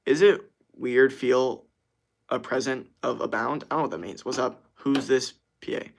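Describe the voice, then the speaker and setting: A man's voice: mid-range voice, fairly even intonation, moderate pace, creaky. A young man streaming casually, reading viewer comments aloud in a laid-back way and laughing easily. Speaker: streamer answering chat. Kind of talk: casual livestream chat.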